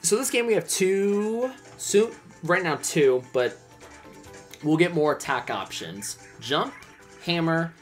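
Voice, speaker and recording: A man's voice: on the high side, lively intonation, slow pace, soft background music. A man hosting a let's play, chatty and enthusiastic. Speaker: gaming channel host.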